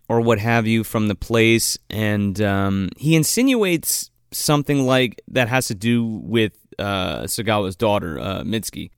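A man's voice: fairly low pitch, lively intonation, a little slow, few pauses, clean tone, no room sound, clean studio sound. A man retelling film scenes in casual, heavily profane chat, rambling through the plot.

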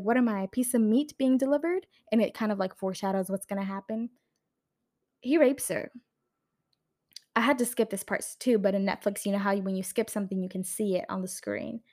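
A woman's voice: medium pitch, a little mellow. A young woman ranting casually on her vlog, heated and swearing often, full of fillers and restarts, recorded on a camera mic indoors at home. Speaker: video creator reviewing a film.

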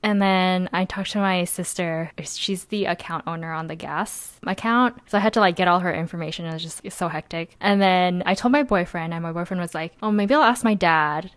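A young woman with a lowish voice co-hosts a podcast, telling a rambling story in casual chat. She talks briskly with hardly any pauses, says "like" constantly and laughs often, and the recording is dry.

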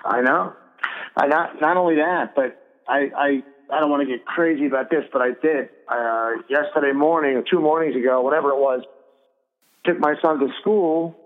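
A middle-aged man hosts a radio talk show, speaking bluntly and indignantly and swearing freely. His voice sits a little high for a man. The audio is thin and phone-like, with a long reverb trailing behind it. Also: normal speed.

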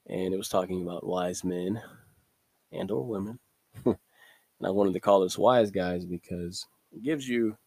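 A man's voice: low-pitched, no echo. A man hosting his own podcast, talking casually about scripture, reading verses aloud and chuckling between thoughts. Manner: relaxed and conversational, chuckles often, reads scripture aloud. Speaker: podcast host. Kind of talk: casual devotional podcast talk.

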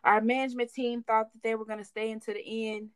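A woman's voice: on the high side, little pitch movement, quick pace, clean tone, no echo. A young woman in her twenties co-hosting a podcast, telling a work story in casual, slangy chat and slipping into voices when she quotes people. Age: 20s. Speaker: podcast co-host.

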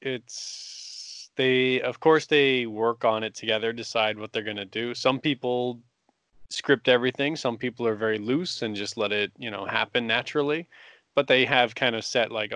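A man's voice: mid-range voice, moderate pace, fairly bright tone, no room sound. A man in casual chat, explaining things plainly and matter-of-factly.

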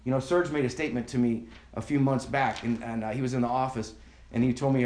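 Conversational preacher with a roomy echo. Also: male voice, mid-range voice, steady tone, fast, a little mellow. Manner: conversational preaching, has the congregation repeat words. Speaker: pastor. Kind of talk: sermon. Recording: echoey room.

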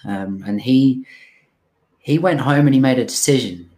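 A young adult man telling an emotional personal story in an earnest, halting way, with many restarts and fillers. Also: mid-range voice, mellow. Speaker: speaker telling his recovery story.

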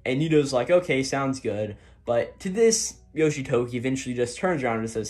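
A man's voice: mid-range voice, expressive, fairly quick, darkish tone, soft background music. A man casually recapping manga chapters in a rambling way, with lots of fillers, and paraphrasing the characters' lines in light voices. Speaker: host.

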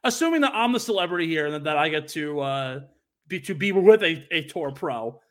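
A man's voice: a little high, animated, brisk, fairly bright tone. A young man co-hosting a podcast, chatting casually and telling a story with lots of fillers and restarts. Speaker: podcast co-host. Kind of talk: casual chat.

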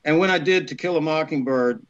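A middle-aged actor from Alabama telling rambling, animated stories in a podcast interview, acting out quotes with many fillers. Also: male voice, on the high side, fairly quick, muffled recording. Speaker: actor guest.

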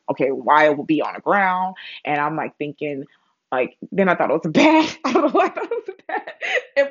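In a laid-back spiritual vlog, a woman with a voice that sits low tells a story, getting more animated as it goes, while stumbling through plenty of fillers and restarts. The recording is dry and muffled.

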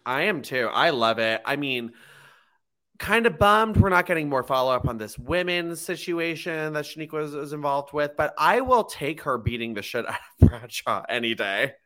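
Giggly high-voiced man chatting on a podcast. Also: lively intonation, normal speed, pushed and bright. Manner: giggly, laughs often, quotes people in a high voice. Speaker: podcast co-host. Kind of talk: casual chat recapping wrestling.

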